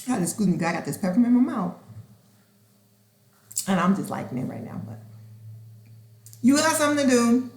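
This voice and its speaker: A woman's voice: mid-range voice, moderate pace, pauses often. Chatty woman podcaster in an echoey room. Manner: chatty and expressive, acts out quotes, sometimes drops to a whisper. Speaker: podcast host. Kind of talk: casual monologue. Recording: roomy echo.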